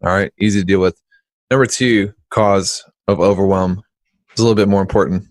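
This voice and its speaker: Joking, animated male podcast host. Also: low-pitched, fairly quick, dry recording. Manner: animated, joking, jumps into voices when quoting people. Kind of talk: casual business podcast chat.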